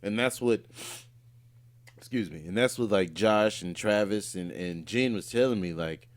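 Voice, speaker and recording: A man's voice: fairly low pitch, a little slow. A man, a voice actor and podcast co-host, chatting casually and telling a rambling story with lots of fillers and restarts. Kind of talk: casual chat.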